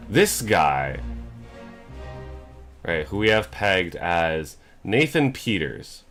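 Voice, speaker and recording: A young male streamer talks through a puzzle game, thinking aloud and muttering to himself. His voice sits on the lower side but moves through a lively, wide range. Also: drawn-out words, pauses often, soft background music. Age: young adult. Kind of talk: casual gameplay commentary.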